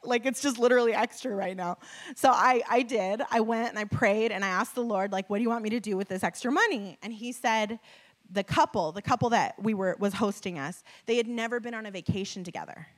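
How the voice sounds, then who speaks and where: A young woman giving a sermon as a casual, chatty story, full of filler likes and animated retelling. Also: medium pitch, brisk. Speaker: church speaker.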